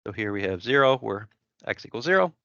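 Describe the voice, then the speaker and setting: A man's voice: lowish voice, sing-song, fast talker, gravelly, pushed and bright, no room sound, dull audio. A man teaching engineering in a lecture, working step by step through an example and thinking aloud as he sketches. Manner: methodical, thinks aloud while sketching, frequent "right?" and "so". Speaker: engineering instructor.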